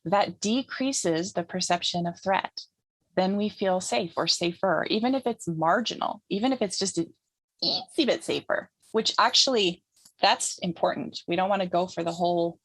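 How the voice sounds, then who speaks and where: A woman with a fairly low voice explains how to heal trauma in a calm, teaching manner. She repeats her phrases for emphasis. The sound is dry and close. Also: husky, dry recording. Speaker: trauma healing guest speaker. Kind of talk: teaching talk in an interview.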